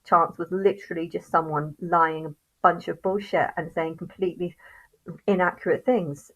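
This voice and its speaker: A woman vlogger delivering an angry, halting monologue to camera, swearing and restarting her sentences. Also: fairly low pitch, steady tone, rough recording.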